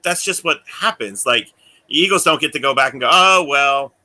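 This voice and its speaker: A man's voice: mid-range voice, lively intonation, fairly quick, bright, forceful tone. A man co-hosting a podcast in casual chat, rambling and often laughing as he acts out the voices of the people he quotes. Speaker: podcast co-host.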